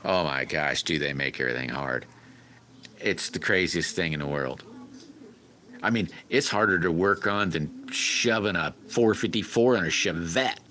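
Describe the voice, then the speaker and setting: A man's voice: low voice, moderate pace, bright, forceful tone. A man hosting a casual livestream, rambling in a folksy way and griping while he reads viewer comments. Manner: rambling, folksy, griping about car repairs. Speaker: livestream host.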